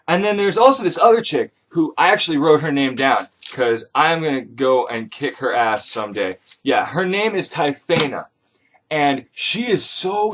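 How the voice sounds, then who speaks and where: A man retelling an ancient tale as casual comedy, irreverent and profane with deadpan asides. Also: a little high. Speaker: comedic myth storyteller.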